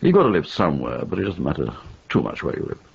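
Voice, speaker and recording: Gravelly, very deep-voiced older Englishman. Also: wildly swooping pitch, fast. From England. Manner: wry, opinionated, many restarts and uh fillers. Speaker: interview guest, novelist. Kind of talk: conversational interview. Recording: dull lo-fi archival interview tape.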